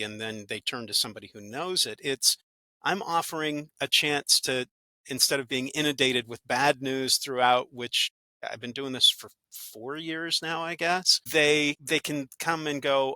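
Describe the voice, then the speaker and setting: A man's voice: mid-range voice, normal speed, pushed and bright, no echo. A man, an actor and good-news podcaster, chatting as an interview guest in an upbeat storytelling way, now and then acting out little quoted voices. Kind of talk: casual interview talk.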